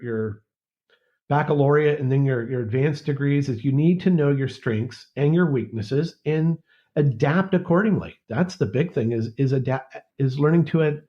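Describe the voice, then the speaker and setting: A man's voice: on the high side, dull audio. A man, a university lecturer, speaks as a guest in a conversational podcast interview, thoughtful and often restarting words.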